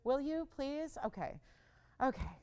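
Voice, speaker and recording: A woman hosting a live shopping channel, chatting upbeat through a jewelry sales pitch and talking to operators and callers from a studio lapel mic. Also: very animated, a little slow, mellow. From Los Angeles. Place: television studio.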